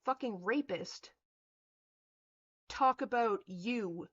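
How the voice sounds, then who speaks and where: A woman's voice: a little high, very slow, a bit bright, husky, lo-fi sound. A young woman on her own video, ranting in fury with heavy profanity and cutting insults, at times mocking others in a sneering voice. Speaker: vlogger. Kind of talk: angry rant to camera.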